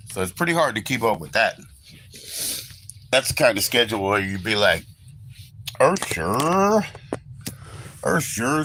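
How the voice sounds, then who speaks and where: A man's voice: on the low side, background noise. A man in his forties rambling and swearing casually as he hosts a livestream from his kitchen and talks to viewers. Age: 40s. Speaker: livestream host. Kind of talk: casual livestream chat while cooking. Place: home kitchen.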